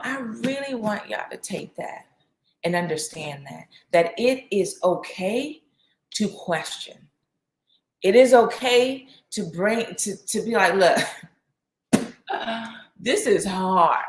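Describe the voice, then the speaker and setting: A woman's voice: mid-range voice, gravelly, reverberant. A woman giving a conversational sermon, repeating phrases for emphasis and checking in with "right?" as she goes. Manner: casual, uses fillers like "right?" and "you know". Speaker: speaker teaching a faith lesson.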